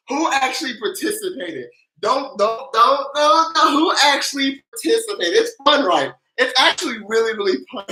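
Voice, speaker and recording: A live-stream host with a bright, pushing voice answers viewers' questions in loose, casual talk full of restarts. The host keeps pumping up the chat, leading loud chants. The voice rings in an echoey room. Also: mid-range voice. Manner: hyped-up, cheerleading the chat. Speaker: tax livestream host. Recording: roomy echo.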